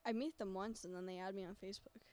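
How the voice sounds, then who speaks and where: A woman's voice: mid-range voice, steady tone, fast, a little mellow, no room sound. A teenage woman from California in casual chat, joking, giggly and rambling. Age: teens. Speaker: interviewee.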